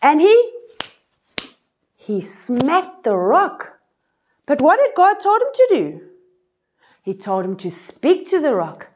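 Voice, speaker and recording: A woman teaches a children's Bible lesson, her voice high and swooping. She talks slowly and acts out voices and sound effects. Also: wildly swooping pitch. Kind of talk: animated Bible lesson for kids.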